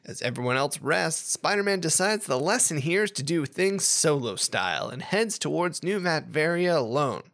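Animated sarcastic man ranting. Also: a little high, normal speed, few pauses. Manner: acts out character voices. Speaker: podcast co-host. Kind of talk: casual podcast chat.

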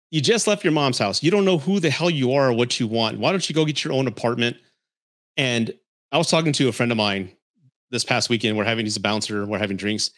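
Guy hosting a podcast, blunt and real, swears a bit, mid pitch, just chatting and reading comments. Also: fairly quick, fairly bright tone. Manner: blunt, candid advice with mild swearing. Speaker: podcast host. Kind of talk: casual livestream chat reading comments.

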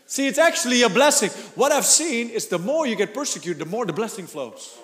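High-voiced man preaching in a reverberant hall. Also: a little fast. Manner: animated, laughing and shouting for emphasis. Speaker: pastor. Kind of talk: sermon.

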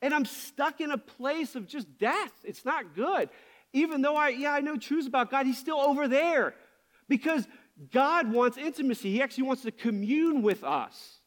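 Male pastor, high voice, candid and passionate sermon delivery. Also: moderate pace.

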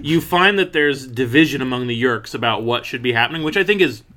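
A man's voice: mid-range voice, expressive, fairly quick, sharp tone. A man co-hosting a casual book podcast, bluntly recapping the plot and swearing freely. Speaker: podcast co-host.

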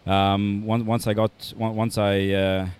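A man with a low, smooth and resonant voice talks casually as a podcast guest. He hesitates and restarts often and acts out his own old thoughts in quotes. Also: level tone, a little slow, a little mellow. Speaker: podcast guest, fitness coach. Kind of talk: casual conversation.

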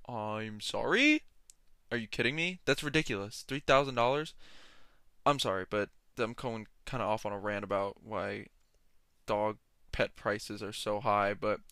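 A man's voice: on the low side, pushed and bright, clean tone, no echo, clean studio sound. Young man ranting on a solo podcast. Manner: rambling, jokey and ranting. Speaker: podcast host. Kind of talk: casual solo podcast monologue.

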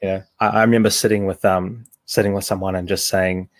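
A man's voice: low-pitched, fairly quick, no room sound. A young man, co-hosting a casual podcast chat and telling stories with lots of restarts. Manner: animated storyteller, repeats words while thinking. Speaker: podcast co-host.

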